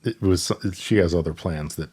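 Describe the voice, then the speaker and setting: A man with a somewhat low voice in relaxed podcast chat about a film. His talk is loose and conversational, dropping wry asides. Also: normal speed, breathy edge. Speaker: podcast co-host. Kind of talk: casual movie-review chat.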